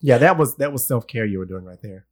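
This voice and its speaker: A man co-hosting a podcast, reacting quickly and teasing. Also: mid-range voice, animated. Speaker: podcast co-host. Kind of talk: casual podcast chat.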